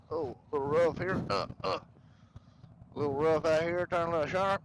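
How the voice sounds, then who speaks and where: A motorcycle travel vlogger rambles and jokes while riding on the road, chatty and drifting off topic. His voice is a little high, steady in tone and at normal speed, and the low-quality recording is full of engine, road, and traffic noise.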